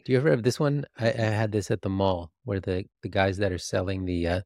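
Man, podcast co-host, low voice, asks questions, short agreements, dry sound. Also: steady tone, brisk, creaky, a little mellow, no room sound. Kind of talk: casual conversation.

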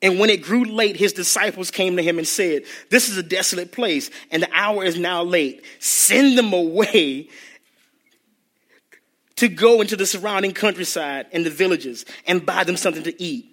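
A man preaching a sermon as a youth ministry speaker, animated and playful, acting out scenes and laughing as he talks. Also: sits high, normal speed. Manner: animated, acts out bits, laughs.

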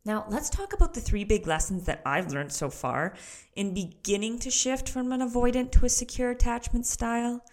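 A woman's voice: a little high, lively intonation, moderate pace. A young woman hosting a solo podcast, talking candidly and directly to the listener and laughing often. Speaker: podcast host. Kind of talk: casual solo podcast talk.

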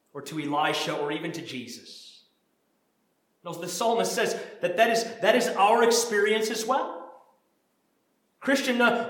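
High-voiced male pastor, very echoey. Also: a bit bright. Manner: earnest, repeats words when stressing a point. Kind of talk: sermon. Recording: very echoey room.

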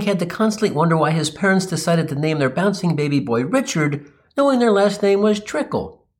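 A man telling a comedic story as a monologue, ranting in an exasperated, sarcastic way. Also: a little high.

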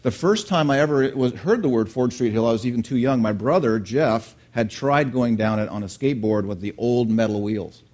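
A middle-aged man preaching a sermon, telling a lively childhood story and asking the congregation questions along the way. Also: mid-range voice, normal speed, few pauses. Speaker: pastor.

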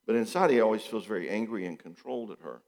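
A man, a counselor, giving a talk to an audience, animated and acting out bits of dialogue. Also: on the low side, quick pace, in a large hall. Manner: animated, acts out quoted dialogue.

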